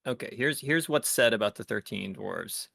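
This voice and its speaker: A man's voice: fairly low pitch, expressive, normal speed, gravelly, pushed and bright. A man running a tabletop game as dungeon master, narrating scenes loosely with many fillers.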